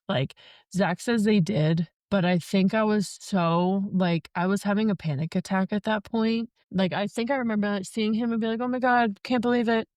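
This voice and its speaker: Chatty young woman, lowish voice. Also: a little mellow, no echo, clean studio sound. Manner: chatty, many "like" fillers. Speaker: podcast guest. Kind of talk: casual storytelling.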